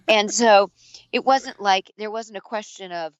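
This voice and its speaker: A woman's voice: medium pitch, a little slow, highs cut off. A middle-aged woman voice actor and dialect coach telling stories in a casual interview, acting out the voices she quotes. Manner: animated storyteller, acts out quoted voices.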